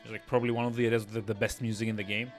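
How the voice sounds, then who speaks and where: A man streaming a game live, chatting excitably with frequent laughs and self-interruptions. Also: lowish voice, rapid-fire. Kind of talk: live let's-play commentary. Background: game music.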